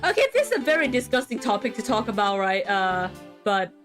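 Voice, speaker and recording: A woman's voice: mid-range voice, sing-song, brisk, a bit bright, faint music behind. A woman streaming a video game, chatting casually in a rambling, giggly way with many restarts. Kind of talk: casual gaming stream chat.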